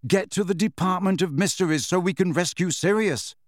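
A man voicing an agitated teenage boy wizard who speaks urgently and shouts, in an audiobook reading. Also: fairly high pitch, sing-song, moderate pace, no echo, clean studio sound, pitched above the performer's own voice. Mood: urgent, shouting.

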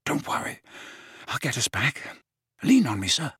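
An anxious teenage boy wizard, read by a man, breathless and urgent as he reassures someone. His words come quick and pleading, pitched higher than a grown man's. The sound is dry and close. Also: very animated, fairly bright tone, breathy edge, no echo, exaggerated voice. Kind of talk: audiobook character reading.

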